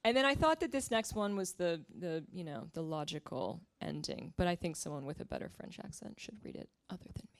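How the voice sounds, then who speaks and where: Casting: woman writer at a live library talk, lower-pitched voice, chatty, laughs easily, reads lines aloud. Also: expressive, fairly quick, hardly any pauses. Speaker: guest writer. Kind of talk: conversational seminar reading aloud. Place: library event room with live audience.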